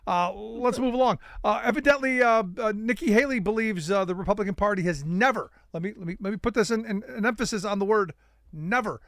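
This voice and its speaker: Brief: male political talk host, high gravelly voice, halting, keeps restarting, dry close sound. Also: a bit bright, dry recording. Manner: halting, many restarts, self-deprecating asides. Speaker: radio talk show host. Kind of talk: political talk show chat.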